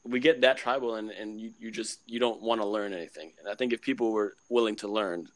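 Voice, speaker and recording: Rambling young podcast co-host. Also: male voice, lowish voice, fairly even intonation, a little fast. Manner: rambling, laughs often, self-correcting. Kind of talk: casual chat.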